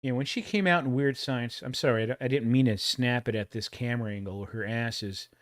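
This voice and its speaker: Texan guy in his 40s rambling on his livestream, chatty, medium pitched voice. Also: fairly quick. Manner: rambling, chatty, laughs at his own jokes. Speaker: livestream host reacting to old commercials. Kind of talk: casual livestream chat.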